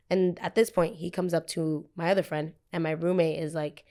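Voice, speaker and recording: A woman's voice: fairly low pitch, brisk, few pauses. Heated young woman telling a story. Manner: heated, animated, profane, acts out quotes. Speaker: podcast host. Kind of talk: casual storytelling rant.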